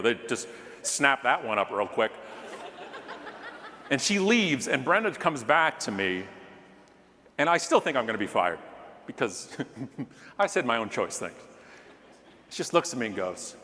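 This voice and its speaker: A middle-aged man from Canada giving a comedic keynote, telling a story animatedly, acting out yelling voices, with jokey asides. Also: medium pitch, expressive, normal speed, pauses often. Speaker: keynote speaker. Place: large conference hall stage. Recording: long hall reverb, faint room noise.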